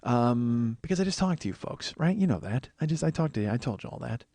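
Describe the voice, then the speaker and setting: A man's voice: medium pitch, sing-song, fast talker, warm tone, no room sound. A man in his forties hosting a comedy podcast, rambling and self-mocking with frequent swearing into a studio mic. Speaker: podcast host.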